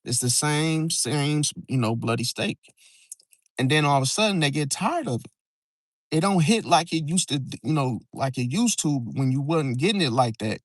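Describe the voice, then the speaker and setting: A man's voice: on the high side, expressive, moderate pace, no room sound. A man hosting an astrology live stream, talking loosely and repeating "see?" and "bro", outdoors near parked cars, at times whispering. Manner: loose, repetitive, drops "see?" and "bro" often. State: sometimes whispering. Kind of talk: casual live-stream talk. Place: outdoors near a parking area.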